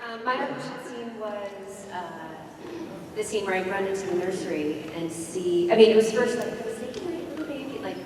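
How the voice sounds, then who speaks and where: A woman's voice: medium pitch, normal speed, very noisy. A woman on a convention panel telling an audition story, giggling and acting out scenes with gasps. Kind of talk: casual panel talk. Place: large convention hall. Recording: echoey hall from far off, loud crowd.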